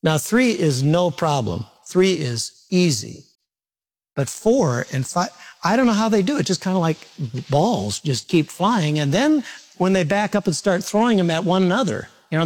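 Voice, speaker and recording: A man preaching a morning sermon as a pastor, talking conversationally with repetition and self-deprecating humor. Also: high-pitched.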